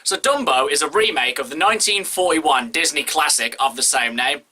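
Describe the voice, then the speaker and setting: Bright, chatty male film reviewer. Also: a little high, moderate pace, breathy edge. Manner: chatty, opinionated, candid.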